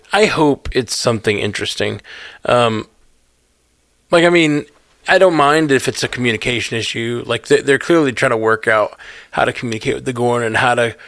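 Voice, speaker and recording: A man chats casually as a podcast co-host, laughing and circling through his thoughts. His voice is gravelly with plenty of fry, recorded dry and close. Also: mid-range voice, fairly bright tone, no room sound. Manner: laughing, restarts and rambles. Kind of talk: casual chat.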